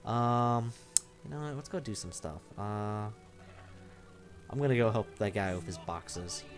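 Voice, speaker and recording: A man's voice: lowish voice, unhurried. A young man giving casual, joking commentary while playing a game, rambling and swearing, with game music behind him. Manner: rambling, crude, joking, mimics game lines. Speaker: let's play gamer. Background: game audio and music.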